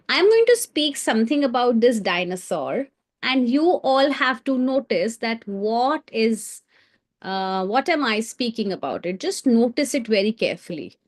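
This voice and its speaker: A woman leads a live online creative writing class for children. Her voice sits a little high, and she keeps drawing the viewers in with questions and encouragement. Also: big pitch swings, a little slow.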